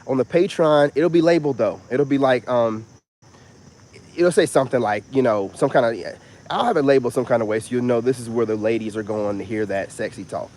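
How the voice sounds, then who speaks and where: A man talking as a self-help influencer in a casual vlog monologue. He is animated and rambling, and he keeps repeating "you know what I'm saying.". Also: medium pitch, brisk.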